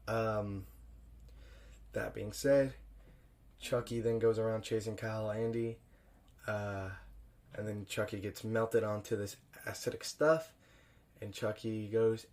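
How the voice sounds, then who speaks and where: A young man hosting a podcast, reviewing a film alone in a loose, profane, chuckling way and jumping louder for emphasis. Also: lowish voice, fairly even intonation, measured pace, long pauses. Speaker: podcast host. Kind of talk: casual solo film review.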